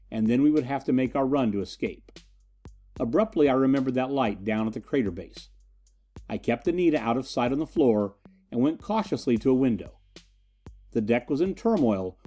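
A man reads a first-person adventure story in a steady, dramatic voice. His tone is mellow and dark, and faint music runs underneath. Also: medium pitch. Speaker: audiobook narrator. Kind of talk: scripted first-person narration.

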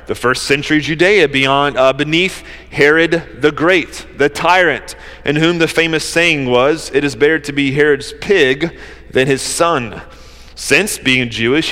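A man's voice: a little high, fairly bright tone. A man preaching a sermon in an earnest, conversational way, with casual asides. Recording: long hall reverb.

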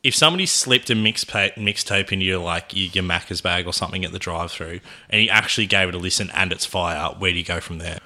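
A man chatting on a podcast, tossing out quick questions and theories. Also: sits low. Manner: quick, questioning, bright delivery. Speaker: podcast co-host. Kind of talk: casual banter.

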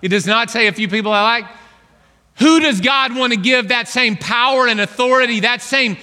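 A man preaching a sermon to his congregation, animated and joking with the crowd. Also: extremely high pitch, normal speed. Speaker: pastor. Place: church hall. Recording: long reverb of a large hall.

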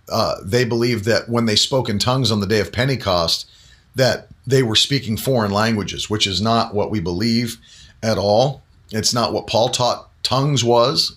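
A man preaching as a Pentecostal Bible teacher on a broadcast, chatting casually, then slowing down and climbing in pitch to hammer home key points. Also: a bit bright. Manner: emphatic, slows down and rises in pitch on key points; conversational with fillers between emphatic stretches.

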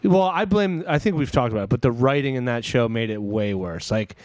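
A man's voice: medium pitch, expressive, fairly quick, over a noisy crowd. A man bantering casually on a podcast, loose and profane, from Pennsylvania. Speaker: podcast co-host. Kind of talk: casual chat.

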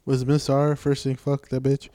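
A man's voice: mid-range voice, moderate pace, slight background noise. A man co-hosting a podcast in casual chat, swearing freely and acting out what people said in his stories. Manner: profane, animated when quoting people. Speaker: podcast co-host.

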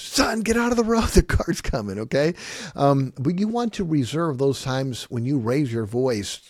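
Lively middle-aged man teaching parents. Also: mid-range voice, no echo, clean studio sound. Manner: animated, acts out parent and child lines, laughs often. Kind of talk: conversational teaching talk.

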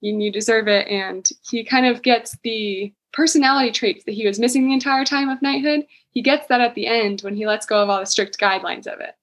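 A woman gives her view in a class discussion. Her voice is fairly high. She speaks casually and thoughtfully, with many likes. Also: brisk, few pauses, a bit bright, low-quality recording.

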